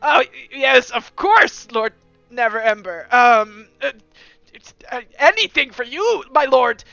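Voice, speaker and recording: A game master plays a fussy male watch captain who trips over his words, fawns over his betters and barks at his men. The voice sits high and creaky with a bright, tense edge and swoops widely in pitch. It is recorded close and dry, with faint music behind. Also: expressive, measured pace, dry recording, highs cut off, exaggerated voice. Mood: fawning. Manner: stammering, fawning, bursts into shouts.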